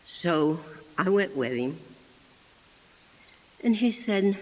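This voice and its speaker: A woman storyteller performing a childhood tale live, animated, with sound effects and hushed whispered asides. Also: fairly low pitch, extremely slow, long pauses. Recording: echoey hall with long reverb.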